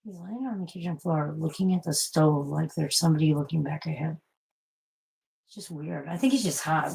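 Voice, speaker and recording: A woman's voice: sits low, gravelly, sharp tone, husky, low-quality recording. A woman vlogger in casual, rambling chat who swears freely and coos at her pets in baby talk.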